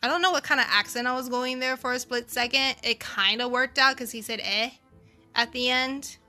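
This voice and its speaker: A bright, fairly high-voiced woman streaming a story game. She chats loosely, thinks aloud, and laughs often. Faint music runs underneath. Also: fairly even intonation, fairly quick. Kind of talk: game stream with reading and commentary.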